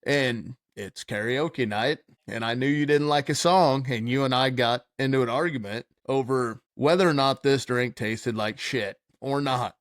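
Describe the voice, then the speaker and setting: In clean, echo-free studio sound, a man hosts a podcast and tells a wild story in casual, rambling chat. His mid-range voice moves a little slowly with hardly any pauses, and he swears freely and laughs as he goes.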